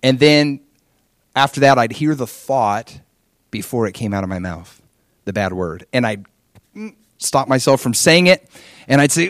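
A pastor in his forties preaching a sermon, telling a personal story in an animated way and acting out his own past prayers and conversations. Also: medium pitch, measured pace, long pauses, no echo, clean studio sound.

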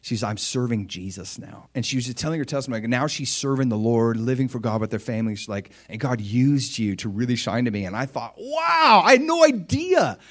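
A man preaching a sermon in a conversational storytelling way, earnest, dropping soft and low when he quotes gentle apologies. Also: quick pace, hardly any pauses. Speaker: pastor.

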